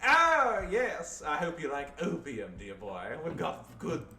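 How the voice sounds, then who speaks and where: Pompous upper-class British gent, plummy drawl, pitched well up, as a gamer puts him on; roomy, far from the mic. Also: male voice, wildly swooping pitch, slow, gravelly, over a noisy crowd, full character voice. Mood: pompous, gleeful. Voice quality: plummy, exaggerated stuffy drawl. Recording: echoey room, far-off mic, noise.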